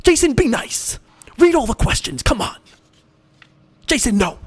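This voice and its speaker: A man voicing a scolding, insistent mother who nags in a shrill voice. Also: big pitch swings, measured pace, exaggerated voice. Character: scolding, insistent mother, middle-aged woman.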